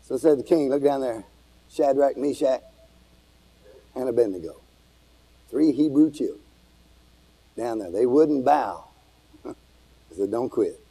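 A man preaching a fiery revival sermon to a congregation, shouting and calling for responses. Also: mid-range voice, takes it slowly, gravelly, pauses often, husky, poor audio. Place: church with congregation.

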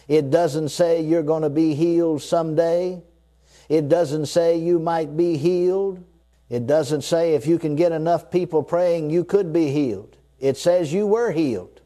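Preaching a sermon, this man has a warm, somewhat high voice at a moderate pace. He is emphatic and repetitive, leading his listeners in spoken confessions as they repeat lines after him.

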